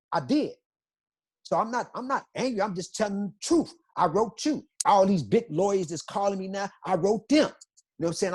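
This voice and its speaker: A man's voice: high-pitched, a little mellow, husky. A middle-aged man, a guest on an interview podcast, telling his story in an emphatic, repetitive, impassioned way.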